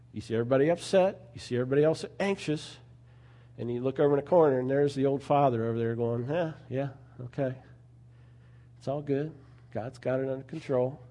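Earnest conversational male preacher, mellow voice. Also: mid-range voice. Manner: conversational, earnest, with asides like "you know". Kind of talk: sermon.

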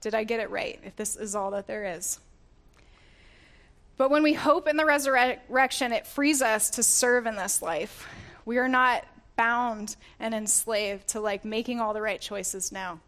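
Woman preacher, earnest teaching tone, pitch on the higher side, warm scripture reading. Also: measured pace. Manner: earnest, laughs often, self-correcting restarts. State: getting emotional.

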